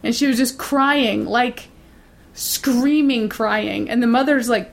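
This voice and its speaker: A woman's voice: a little high, a little slow, gravelly. A woman telling a casual story to a friend, blunt and swearing freely, acting out the voices of people she quotes.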